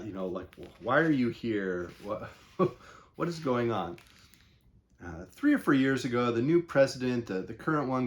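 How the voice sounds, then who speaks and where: A man talking through a novel in a casual, unscripted way, rambling and thinking aloud with frequent pauses. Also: mid-range voice. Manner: conversational, unscripted. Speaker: book reviewer. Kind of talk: casual book discussion.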